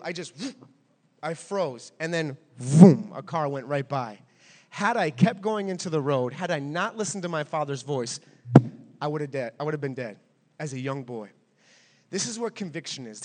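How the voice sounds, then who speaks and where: A man's voice: on the high side, lively intonation, normal speed, in a large hall. A man preaching a sermon as pastor, emphatic and repetitive, with rhetorical questions to the congregation.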